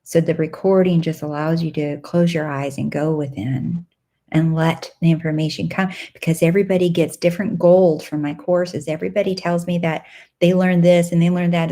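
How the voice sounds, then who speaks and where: A woman, likely in her thirties, hosting a casual live-stream Q&A and chatting warmly and excitedly with viewers. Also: moderate pace. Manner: bubbly, animated, with squealing excited highs. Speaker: live Q&A host and coach.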